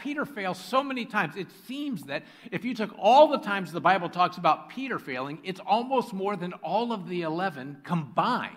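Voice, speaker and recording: Male pastor, fairly high voice; scripture reading into a direct, engaging sermon. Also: a bit bright. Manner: reads scripture aloud, then preaches directly to the congregation. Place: church sanctuary with a congregation.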